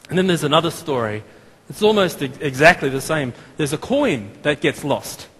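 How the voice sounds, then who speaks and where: Australian male preacher, 30s, casual and self-deprecating, slightly high pitch, long church reverb. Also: very animated, moderate pace, fairly bright tone, breathy edge. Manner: chatty and self-deprecating, with many fillers and restarts. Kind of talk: sermon. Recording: long hall reverb, faint room noise.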